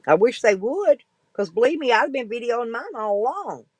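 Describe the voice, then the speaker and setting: A woman's voice: on the high side, sing-song, normal speed, a little mellow, breathy edge, no room sound, rough recording. A woman, talking casually and bluntly to viewers in a folksy, rambling way, with some cursing. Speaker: livestreaming vlogger.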